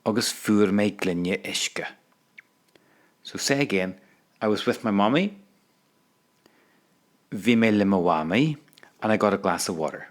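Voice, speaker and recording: A man's voice: lowish voice, expressive, measured pace, pauses often. Patient man teaching a language lesson. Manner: patient, prompting the listener to repeat phrases.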